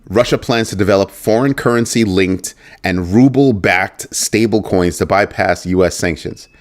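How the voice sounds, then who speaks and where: A man with a fairly low voice runs a relaxed livestream and chats loosely through the news. He teases his viewers playfully and drops a wry "just saying" again and again. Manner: joking banter with chat, repeats "just saying". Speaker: host of a crypto news livestream. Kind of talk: casual livestream commentary.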